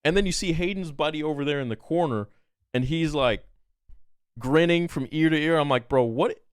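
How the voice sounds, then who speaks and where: A man's voice: on the high side, clean tone, no echo, clean studio sound. A man, a podcast guest, telling a story in casual talk and acting out quoted exchanges with animation. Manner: animated, quotes himself and others in quick exchanges.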